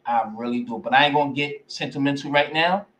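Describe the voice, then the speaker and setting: A man's voice: medium pitch, brisk, fairly bright tone. A man hosting a live stream, talking casually and profanely while reading viewer comments. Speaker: host.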